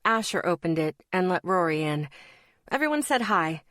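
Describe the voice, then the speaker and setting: A woman reading a fantasy audiobook as a first-person narrator in an even, storytelling manner. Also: fairly low pitch, normal speed, no echo, clean studio sound.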